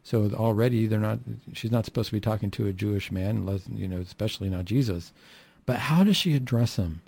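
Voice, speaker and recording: A man's voice: on the low side, a little fast, vocal fry, dark tone, breathy edge, dry recording. A man preaching a sermon who acts out the quoted lines of the people in the story and asks the listeners questions.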